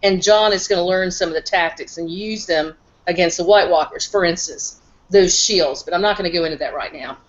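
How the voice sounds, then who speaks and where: A woman's voice: fairly low pitch, a little fast. Middle-aged woman, chatty, muffled audio. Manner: animated, chatty, addresses others directly. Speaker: guest panelist, the host's mother. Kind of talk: casual discussion.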